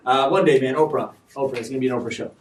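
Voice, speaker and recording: A man hosting a live stream show, talking in an animated, preachy way with sudden loud bursts. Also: mid-range voice, rapid-fire, roomy sound, distant mic. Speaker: show host. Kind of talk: energetic live-stream talk.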